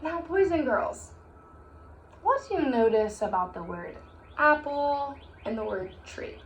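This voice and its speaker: Young female music teacher, high and lively, slow and deliberate delivery, echoey room with faint hiss. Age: young adult. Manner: sing-song, encouraging teacher voice with chanted rhymes. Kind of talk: recorded online music lesson for children.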